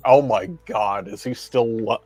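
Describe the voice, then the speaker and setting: A man's voice: fairly low pitch, slow, a crowd in the background. A man playing in a tabletop game, chatting casually and laughing often. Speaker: player. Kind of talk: casual chat.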